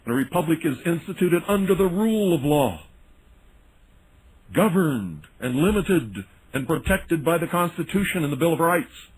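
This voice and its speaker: A man's voice: fairly high pitch, slight background noise, rough recording. A man hosting a radio talk show, delivering an indignant, sarcastic monologue. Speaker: radio host.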